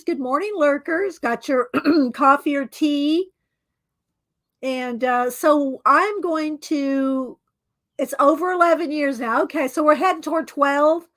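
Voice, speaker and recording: Chatty high-voiced woman streamer. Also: fairly bright tone. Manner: chatty, laughs often, drawls greetings to viewers. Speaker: live-stream art host. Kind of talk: casual live-stream chat greeting viewers.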